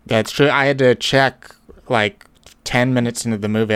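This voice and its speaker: A man's voice: mid-range voice, steady tone, moderate pace, fairly bright tone, smooth, no echo. A man co-hosting a podcast, giving a playful, upbeat intro and chatting casually. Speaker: podcast co-host.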